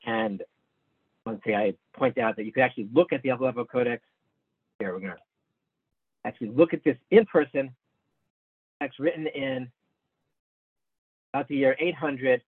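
A man teaching a small class over a video call, his voice thin and phone-like with no room sound around it. He explains step by step at a middling pitch, often breaking off and restarting mid-sentence. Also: normal speed, long pauses, slightly rough, no room sound. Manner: patient explaining, many restarts, addresses students by name. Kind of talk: online study class, explaining Hebrew texts. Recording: narrow phone-like sound, dry.

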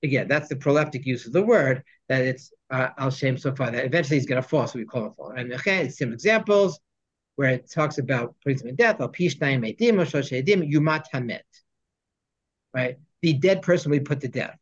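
A man's voice: medium pitch, expressive, a little fast. A man teaching a text study class, reading Hebrew phrases and explaining them in English with joking asides. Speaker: Torah teacher. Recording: dull lo-fi sound.

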